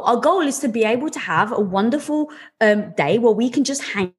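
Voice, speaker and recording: A woman, a podcast guest, telling candid personal stories in an animated, swearing, often laughing way. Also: on the high side, brisk, slightly rough. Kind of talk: candid conversational storytelling.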